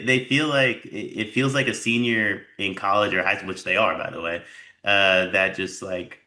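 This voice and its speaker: Deep-voiced dude on a sports pod, really bright edgy sound, rambly with lots of likes and ums. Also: male voice. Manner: loose and rambling, full of filler words and restarts. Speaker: podcast co-host. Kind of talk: casual sports chat.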